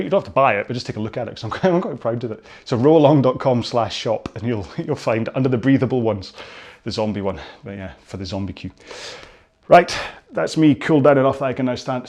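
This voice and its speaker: A man's voice: mid-range voice, a little mellow. A man hosting a rowing workout from his home garage, chatting casually in a rambling, jokey and self-deprecating way during the cool-down.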